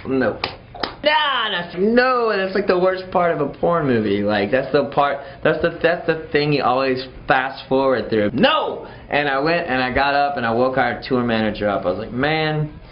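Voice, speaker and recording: A man's voice: mid-range voice, normal speed, lo-fi sound, a little hiss or hum. A man from Texas, a touring band member, telling a road story animatedly with lots of fillers. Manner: animated, full of fillers, acts out the scene.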